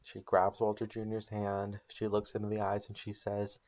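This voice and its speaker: A man narrating an invented plot recap for comedy, deadpan and matter-of-fact. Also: fairly low pitch, moderate pace, dull audio.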